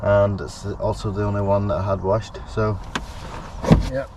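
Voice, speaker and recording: A man's voice: on the low side, level tone, moderate pace, very noisy. A man vlogging outdoors before a run, rambling and correcting himself as he thinks aloud. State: out of breath while running. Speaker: running vlogger. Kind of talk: casual self-filmed vlog. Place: outdoors, in a park. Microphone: handheld camera mic.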